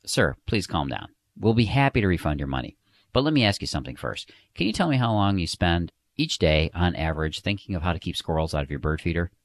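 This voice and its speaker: A man puts on a patient store salesman who stays calm and measured. The voice sits very low and is soothing, unhurried and level. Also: dry recording, clean studio sound.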